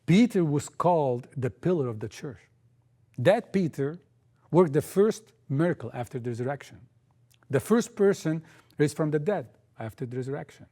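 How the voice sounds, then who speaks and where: A man preaching a sermon, emphatic, often repeating key phrases and sometimes halting and restarting. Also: a little high, lively intonation, mellow.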